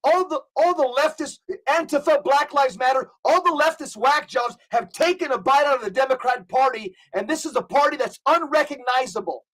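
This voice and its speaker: A man's voice: very high-pitched, normal speed, hardly any pauses, fairly bright tone. A man giving impassioned commentary as a guest, fervent and preachy, rattling off long lists.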